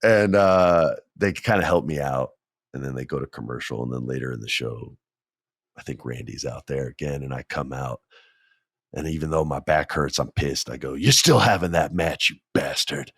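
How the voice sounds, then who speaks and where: A man with a deep, low voice hosts a podcast and tells stories in a casual, lively way. He acts out the quotes with sudden jumps in pitch. The sound is close and dry. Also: moderate pace, no room sound. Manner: animated, acts out quotes with big jumps in pitch, laughs often. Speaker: podcast host. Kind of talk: casual storytelling.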